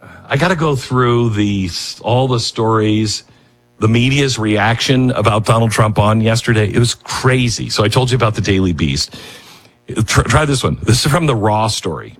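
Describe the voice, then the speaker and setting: A male talk radio host speaking in a rambling, self-mocking monologue, with sudden shouts and acted-out quotes. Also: on the low side, moderate pace.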